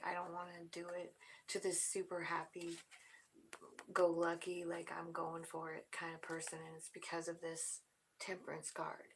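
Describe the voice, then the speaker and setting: Gravelly emotional woman tarot reader. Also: fairly low pitch, a little hiss or hum, poor audio. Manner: emotional, soft-spoken, often drops to a whisper. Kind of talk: spiritual tarot reading.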